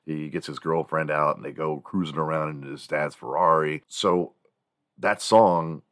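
Very deep-voiced man telling rambling stories. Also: fairly even intonation, unhurried, fairly bright tone, dry recording, clean studio sound. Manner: rambling, profane, laughs at his own stories. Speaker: morning show host. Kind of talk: casual comedic storytelling.

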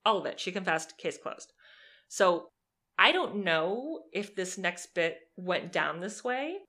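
A young woman co-hosting a podcast, telling a true crime story in a lively, sarcastic way and swearing freely. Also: on the low side, slow pace. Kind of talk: casual storytelling chat.

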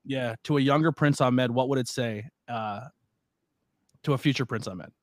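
A man's voice: medium pitch, normal speed, a little mellow, dry recording, studio quality. A man hosting a podcast, chatting casually with a guest and telling stories with a laugh. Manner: laughing, storytelling with quoted voices. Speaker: podcast host. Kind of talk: casual interview chat.

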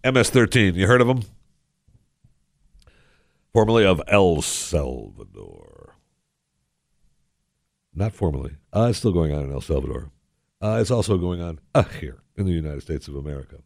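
A man's voice: deep voice, sing-song, normal speed, gravelly, pauses often, no room sound, clean studio sound. A man hosting a talk radio show into a headset mic, talking in a put-on folksy drawl with a joking, sarcastic manner. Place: radio studio. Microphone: headset microphone.

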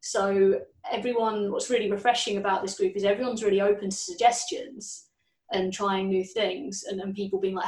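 A woman who plays bass in a band, chatting openly and rambling a little, acting out her bandmates' remarks. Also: little pitch movement, normal speed, darkish tone. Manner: open, chatty, rambling, acts out bandmates' quotes. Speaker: band bassist. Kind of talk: casual interview chat. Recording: echoey room, distant mic.

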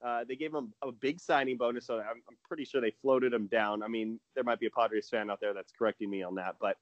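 A man's voice: medium pitch, fairly even intonation, quick pace, no echo, muffled recording. A man talking casually and with enthusiasm as a guest analyst on a podcast, rambling with restarts.

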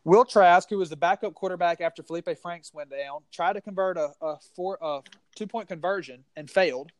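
A man's voice: high-pitched, fairly quick, no echo. A man with a Southern US accent co-hosting a casual sports podcast, rambling and heated with many restarts.

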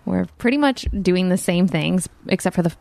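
Chatty woman with a low, gravelly voice. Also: moderate pace, no room sound. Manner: animated, chatty, laughs often. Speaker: podcast co-host. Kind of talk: casual chat. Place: home, recorded remotely.

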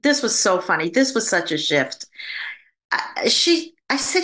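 A woman who works as a psychic medium, telling her story in an interview in an animated way and acting out the voices she quotes. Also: a little high, a little slow.

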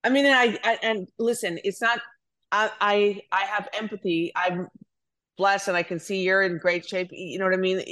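A woman guest in casual chat, telling stories in a chatty, animated way with frequent restarts. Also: medium pitch, moderate pace.

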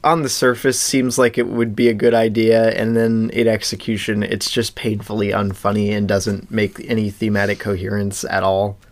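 A man's voice: lowish voice, level tone, normal speed, hardly any pauses. A man co-hosting a casual movie review chat, laughing often and adding wry quips. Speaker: podcast co-host.

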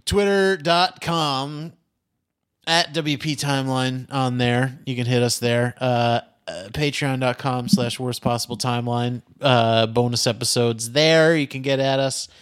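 A man with a smooth, clear mid-range voice wrapping up a podcast episode. He rambles through the plugs and fillers at an easy pace. The recording is dry and close. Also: mid-range voice, fairly even intonation, normal speed, few pauses, dry recording. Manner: loose, rambling, lots of fillers. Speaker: podcast co-host. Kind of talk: casual chat and show outro.

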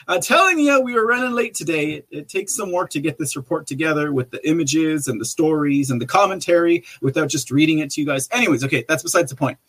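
A man with a fairly high-pitched voice hosts a live podcast stream, chatting loosely and talking straight to his listeners. He rambles from point to point and chuckles between his remarks. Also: quick pace, hardly any pauses, a bit bright. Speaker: podcast host. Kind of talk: casual live-stream commentary.

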